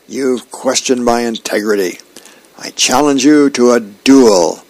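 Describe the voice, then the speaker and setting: A man's voice: mid-range voice, measured pace, no room sound, rough recording. A man voicing a huffy, pompous army lieutenant in a comic strip reading. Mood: indignant.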